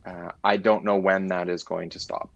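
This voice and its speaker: A man with a Canadian accent, a company director answering interview questions in a measured way with frequent restarts. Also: low voice, little pitch movement, vocal fry, dry recording, muffled recording. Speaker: guest, managing director.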